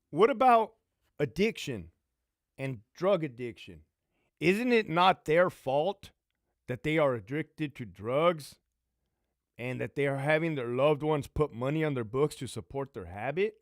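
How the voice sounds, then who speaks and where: A man's voice: a little high, a little slow, pauses often, no echo, clean studio sound. A man hosting a casual livestream, a former prison lieutenant answering viewer questions with blunt, profane stories. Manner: profane, blunt, animated storyteller.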